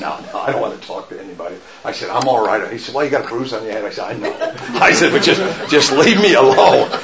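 A middle-aged man telling stories to an audience, laughing often and shouting when he acts out quotes. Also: mid-range voice. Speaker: speaker giving a faith talk. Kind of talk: storytelling talk to an audience. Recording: roomy, dull lo-fi sound.

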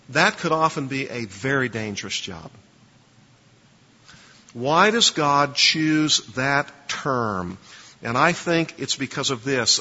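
A man's voice: mid-range voice, bright, forceful tone, husky. A man lecturing a class on preaching, emphatic, quizzing listeners to fill in blanks in their notes. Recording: dull lo-fi recording with long reverb.

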